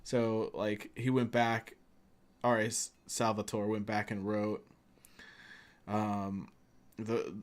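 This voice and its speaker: A man's voice: on the low side, flat delivery, slow pace, long pauses. A man streaming a video game, chatting casually, rambling and laughing often. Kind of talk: casual gaming stream commentary.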